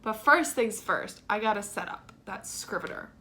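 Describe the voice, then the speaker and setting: A woman's voice: mid-range voice, animated, normal speed, bright, forceful tone. A young woman vlogging about planning her novel at home, chatty and bubbly, with fillers and little laughs. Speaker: writing vlogger. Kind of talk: casual chat to camera. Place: home room with a guitar.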